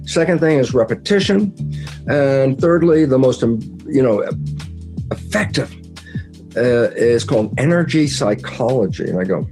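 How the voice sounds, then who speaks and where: A man explains ideas at a medium pitch, jumping into lively acted-out quotes of his own conversations. Faint music plays underneath him. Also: unhurried. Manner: animated, acts out his own quoted dialogue. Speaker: interview guest.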